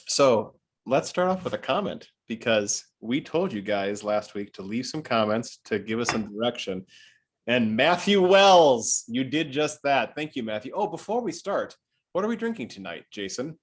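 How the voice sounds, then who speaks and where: A man's voice: mid-range voice, very animated, normal speed, husky. A man with a Wisconsin accent and a slightly nasal voice, hosting a casual garden podcast with plenty of fillers. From Wisconsin, Oshkosh. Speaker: podcast host.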